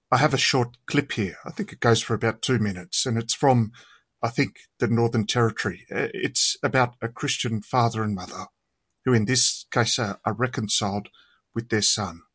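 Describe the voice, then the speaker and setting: Male preacher, husky voice, unhurried prayer, dry sound. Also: medium pitch, fairly bright tone, dry recording. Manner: conversational, hesitant with fillers. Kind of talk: sermon and prayer.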